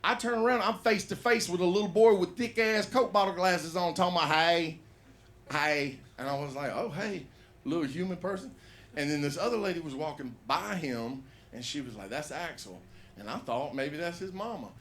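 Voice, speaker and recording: A man's voice: on the high side, normal speed, fairly bright tone. A man telling a rambling, profane stand-up story at an open mic in a comedy bar.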